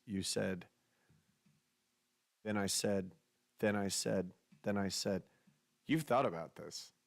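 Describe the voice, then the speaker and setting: A young man co-hosting a casual podcast, telling stories animatedly and jumping into quoted voices. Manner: animated storyteller, jumps into high-pitched quoted voices. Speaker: podcast co-host.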